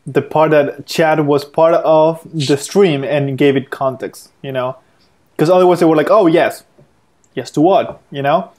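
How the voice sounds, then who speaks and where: A man's voice: fairly high pitch, steady tone, normal speed, darkish tone. A man from America, co-hosting a podcast chat, joking and hesitant with many fillers. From South America. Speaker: podcast co-host. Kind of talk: casual chat.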